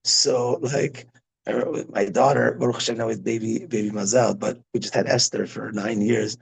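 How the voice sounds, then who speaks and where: Teaching a parenting class, a middle-aged Hebrew-speaking rabbi with an Israeli education rambles casually, repeats words and stops mid-sentence. He speaks fairly quickly in a lowish, slightly rough voice with vocal fry and fairly even intonation, and the audio is poor.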